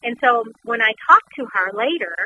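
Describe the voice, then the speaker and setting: A woman guest and author telling a personal story in conversation, animated and repeating words as she goes. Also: a little high, moderate pace, highs cut off. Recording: noisy background.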